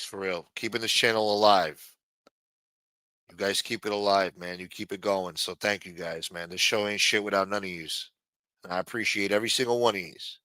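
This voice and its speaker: A man's voice: on the low side, pushed and bright, no room sound. A man with a New Jersey accent hosting a casual livestream, reading the chat aloud in rambling, profane street talk. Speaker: livestream host.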